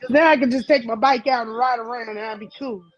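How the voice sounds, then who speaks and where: A woman's voice: fairly high pitch, steady tone, fast, lo-fi sound. A young woman co-hosting a casual chat, talking in a slangy, drawling way and interjecting often. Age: young adult. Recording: crowd noise behind.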